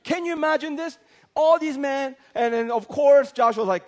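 A man preaching a sermon, animated and joking, acting out the voices of biblical figures as he tells the story. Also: very high voice, normal speed. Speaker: pastor. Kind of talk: lively comic sermon.

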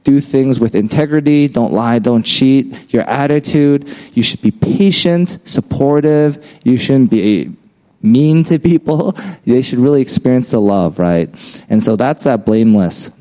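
Man preaching conversationally, mellow voice. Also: mid-range voice, unhurried, rough recording. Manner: conversational, frequent "right?" tags. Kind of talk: sermon.

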